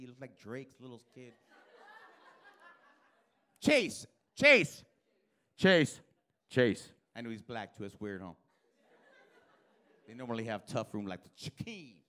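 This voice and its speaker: A male stand-up comedian on a comedy club stage, doing brash, profane, teasing crowd work with the audience. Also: fairly high pitch.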